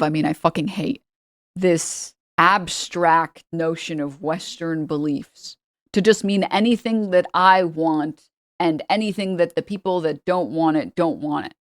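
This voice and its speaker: A woman's voice: fairly low pitch, dry recording, studio quality. A woman giving sarcastic, profane reaction commentary on an interview clip. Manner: sarcastic, profane, mocking impressions. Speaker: commentary streamer.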